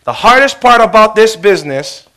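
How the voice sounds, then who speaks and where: A man giving an energetic, joking motivational sales talk. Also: sits high, normal speed. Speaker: business presenter.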